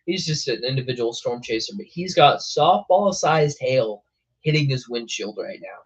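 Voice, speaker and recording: A man's voice: medium pitch, expressive, normal speed, husky, highs cut off. A young man hosting a weather show, chatting casually on a live stream, laughing often and calling people bro. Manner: laid-back, laughing, says bro a lot.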